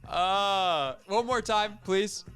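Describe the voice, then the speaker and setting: A man hosting a sports talk radio show, joking with his producer in a quick, casual way. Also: high-pitched, pushed and bright, soft background music.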